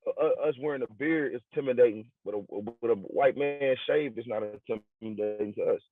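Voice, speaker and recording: A man's voice: mid-range voice, a little fast, dry recording, soft background music. A man in casual podcast chat, blunt and emphatic, swearing freely and leaning on slang. His voice comes through thin and tinny, with a close, dry sound and no room around it. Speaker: podcast co-host.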